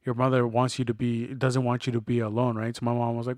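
A man in his thirties talks through his faith in an earnest, reflective way. His voice sits at an ordinary middle pitch. The sound is dry and close, with no room around it. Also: level tone, fast, few pauses, a little mellow, no room sound. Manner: reflective, earnest, retells conversations in quoted voices. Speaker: podcast co-host. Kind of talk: casual faith conversation.

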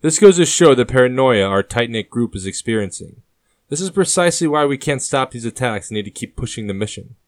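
A man's voice: medium pitch, expressive, fairly quick, no room sound, voice pushed up, natural voice. A man voicing the commanding leader of a rebel group, speaking sharply and with proclamation, in an audiobook. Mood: stern.

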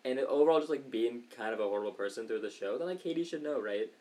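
A woman's voice: very deep voice, animated, a little mellow. A woman co-hosting a podcast, chatting casually about a reality show with dry, joking asides. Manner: fast, wry, joking asides. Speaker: podcast co-host.

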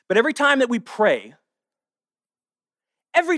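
A high-pitched man preaching a sermon to a live church congregation. He banters with the room, then drops into earnest preaching that moves between hushed and forceful. The sound is dry and close, with little room echo. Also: normal speed, long pauses. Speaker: guest speaker. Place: church service with a live audience.

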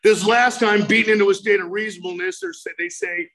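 A man's voice: high-pitched, very animated, fast talker, creaky, few pauses, bright, forceful tone, rough recording. A man giving a personal recovery talk, telling his story with emphatic outbursts and vivid storytelling. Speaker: recovery speaker.

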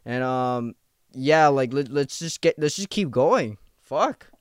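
A man's voice: medium pitch, lively intonation, slow pace, clear, resonant tone, no room sound, clean studio sound. A young man hosting a casual solo podcast late at night after work, tired, irritated and rambling with lots of swearing and restarts. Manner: rambling, profane, restless and agitated. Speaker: podcast host.

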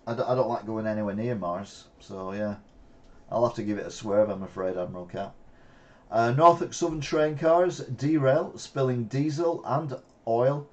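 Male host, casual news riffs, mid-pitched. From Britain. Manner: reads headlines then riffs with asides. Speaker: host of a live weekly news show.

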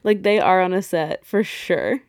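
A woman's voice: on the low side, expressive, a little slow, a little mellow, no echo, clean studio sound. A woman in her thirties co-hosting a podcast, casually recapping a movie with frequent laughs, swearing and acted-out quotes. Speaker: podcast co-host. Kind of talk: casual movie rewatch chat.

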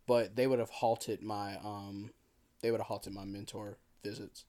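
A man's voice: on the low side, measured pace. A young adult man co-hosting a podcast, telling stories in casual chat, full of swearing and frequent laughter. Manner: profane, animated, laughs often. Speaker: podcast co-host.

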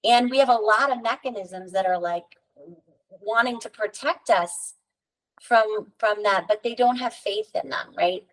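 A woman talks through spiritual ideas as a podcast guest, earnest and rambling into stories. Her voice sits at an ordinary pitch and sounds a little back from the microphone. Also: a little slow, recorded from a distance, poor audio. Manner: earnest, storytelling, many fillers like "right?" and "you know". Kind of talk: casual spiritual conversation.

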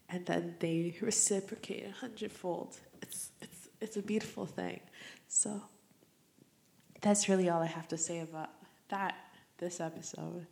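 A young woman hosts her own podcast, speaking alone in a casual, heartfelt way. Her voice sits a little low and carries a gravelly fry. She rambles and reflects as she goes. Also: a little mellow. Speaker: podcast host. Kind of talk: casual solo podcast monologue.

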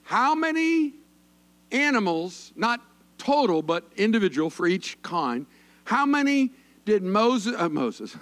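Folksy preacher, high lively voice. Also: male voice. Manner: folksy, joking, animated with the congregation. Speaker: pastor. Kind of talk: conversational sermon.

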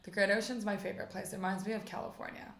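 Chatty American woman, gravelly edge. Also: mid-range voice, level tone, rapid-fire, fairly bright tone, echoey room. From United States. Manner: chatty, upbeat, lots of fillers like "like" and "you know". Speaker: interview guest, rabbi's wife. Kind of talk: casual conversational interview.

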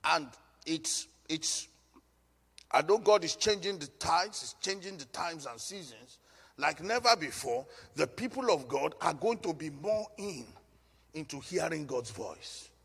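A man's voice: fairly high pitch, expressive, measured pace, vocal fry, fairly bright tone, slightly rough, big-room sound. A male pastor preaching a sermon, emphatic and given to repeating phrases.

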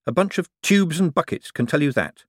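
A man voicing a quick-witted, smooth-talking young male con man with a glib, teasing manner. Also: fairly high pitch, lively intonation, dry recording, clean studio sound, voice pushed up.

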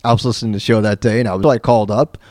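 A man's voice: lowish voice, steady tone, racing, a little mellow, dry recording, studio quality. A man from Florida hosting his own podcast, telling a story in a loose, rambling way with lots of fillers and restarts. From Florida, USA. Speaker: podcast host. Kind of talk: casual storytelling monologue.

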